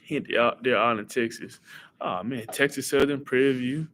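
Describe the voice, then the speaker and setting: Excitable young man hosting a livestream. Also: mid-range voice, normal speed. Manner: excitable, thinks aloud and talks back to chat. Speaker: livestream host. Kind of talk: casual livestream chat answering quiz questions.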